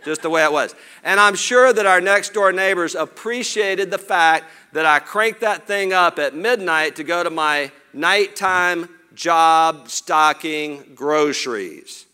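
A middle-aged man from Lower Alabama speaks in a Southern accent, telling stories to an audience from an event stage. His voice is bright and forceful, smooth and resonant, and he sits a little high. He talks in a folksy, animated way, full of jokey asides. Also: takes it slowly, hardly any pauses. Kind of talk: storytelling keynote talk.

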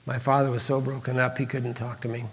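A man's voice: medium pitch, flat delivery, fast talker, dull audio. An older man from Kansas giving an earnest motivational talk, telling his story with emphatic repetition. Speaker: speaker.

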